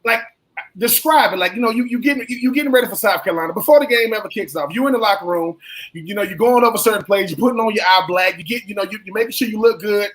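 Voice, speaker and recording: A man, a co-host and former college player, asking long, animated questions in casual talk and often repeating himself. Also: high voice.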